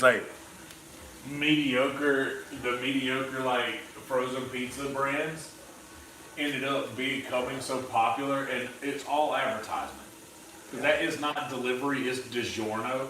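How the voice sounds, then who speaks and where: A man's voice: mid-range voice, fairly even intonation, unhurried, bright, forceful tone, distant mic. An opinionated man rambles casually on a cooking livestream, swearing as he goes. He sits a bit back from the mic in a roomy space with a faint hum behind him. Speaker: streamer host. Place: indoor kitchen.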